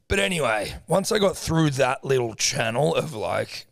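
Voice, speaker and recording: A man's voice: mid-range voice, very animated, moderate pace, gravelly, few pauses, a bit bright, no echo, studio quality. A young man retelling a story in a casual podcast chat, laid-back and swearing often. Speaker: podcast co-host.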